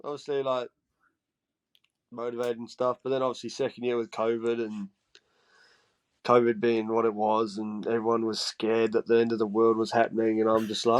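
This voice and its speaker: A man in his twenties from England with a Geordie accent, a podcast guest telling animated stories and laughing often. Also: lowish voice, measured pace, long pauses. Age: 20s. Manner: animated, laughing, acts out quoted voices. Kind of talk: casual storytelling chat.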